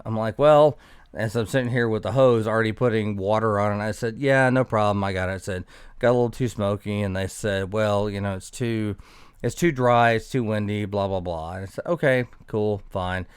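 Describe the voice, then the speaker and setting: A man's voice: fairly low pitch, brisk, smooth, no echo, clean studio sound. A man telling a rambling, profane, sarcastic story in casual podcast chat. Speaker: podcast guest.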